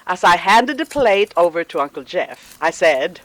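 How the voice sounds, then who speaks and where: An Australian woman vlogging about her garden, telling a personal story in an animated way and chuckling often. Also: lowish voice, moderate pace, low-quality recording. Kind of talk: personal storytelling while potting plants.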